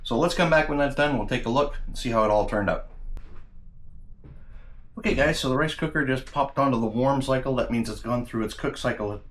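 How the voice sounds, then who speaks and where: This cooking channel host, a man with a medium-pitched voice, talks a little fast as he chats casually to his viewers, calling them guys. He tastes his food mid-sentence, letting out pleased mm hums.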